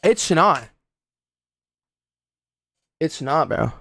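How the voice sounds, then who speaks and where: A man's voice: fairly high pitch, sing-song, very slow, gravelly, bright, forceful tone. Rambling young streamer guy. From Brazil. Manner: rambling slangy chatter, muttering at his own gameplay. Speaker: speedrun streamer. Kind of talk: casual livestream chat while playing.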